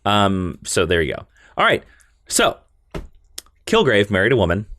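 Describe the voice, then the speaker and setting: A man hosting a podcast, telling a story in a casual, animated way and acting out characters as he goes. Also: lowish voice, unhurried. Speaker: podcast host. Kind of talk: casual chat.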